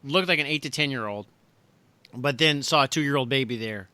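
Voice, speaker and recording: Male podcast co-host, bright tense tone, casual musing chatter. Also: medium pitch, normal speed, smooth, dry recording. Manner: thinking aloud with restarts. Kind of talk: casual chat.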